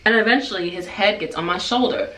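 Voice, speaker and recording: A woman in her twenties telling a story in a vlog, animated and chatty, with a lot of "like.". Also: mid-range voice, fairly quick. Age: 20s. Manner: animated, chatty, heavy use of "like". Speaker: hairstylist and vlogger. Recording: echoey room, far from mic.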